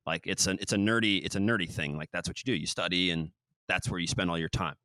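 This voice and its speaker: A low-pitched man talks quickly on his podcast, with no echo in the recording. It's an animated, rambling casual chat where he keeps voicing quotes.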